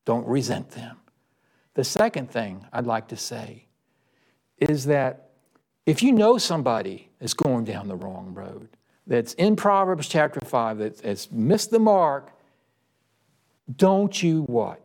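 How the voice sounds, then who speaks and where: A man preaching a sermon, emphatic and questioning, who breaks into a story and pushes his voice up high at the key points. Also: sing-song, takes it slowly, long pauses, a little mellow. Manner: emphatic, rising to high-pitched exclamations.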